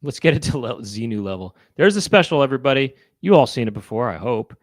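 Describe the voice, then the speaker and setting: A man's voice: animated, fast talker, no echo, clean studio sound. A middle-aged man co-hosting a casual comedic chat, rambling and breaking into impressions. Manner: rambling, launches into loud high-pitched impressions. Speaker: co-host.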